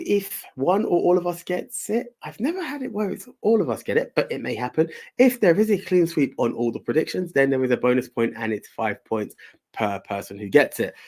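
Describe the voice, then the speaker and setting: A man's voice: medium pitch, a little mellow. Podcast host: man, easygoing and self-mocking, walks through the rules in a chatty way. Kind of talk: casual chat.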